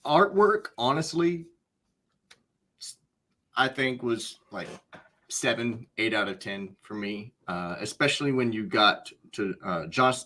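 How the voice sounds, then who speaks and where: A man with a mid-range, bright voice reviews comic art in a relaxed, hesitant way, full of ums. His pitch moves in a lively way. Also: slow pace. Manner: animated, hesitant with many ums, playful. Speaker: podcast co-host and voice actor. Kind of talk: casual comic book review chat.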